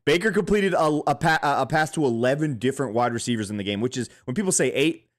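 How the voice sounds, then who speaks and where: A man co-hosting a sports podcast, talking in a casual, animated way with frequent swearing. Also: medium pitch, fast talker. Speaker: podcast co-host.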